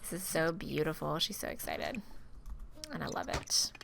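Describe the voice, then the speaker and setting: A woman who is feeling sick, giving chatty, expressive gameplay commentary and talking straight to her viewers. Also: deep voice, moderate pace, vocal fry, background noise. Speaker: gaming video host.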